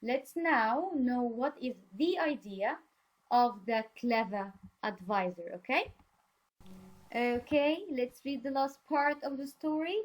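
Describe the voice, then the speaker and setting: Slow patient teacher lady, higher voice, keeps saying very good and explaining words. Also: expressive. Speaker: English teacher. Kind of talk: reading a story aloud for a class.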